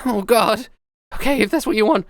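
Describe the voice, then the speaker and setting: A man voicing an excitable young crewmate who yells in a high, frantic voice. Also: a little fast, no room sound.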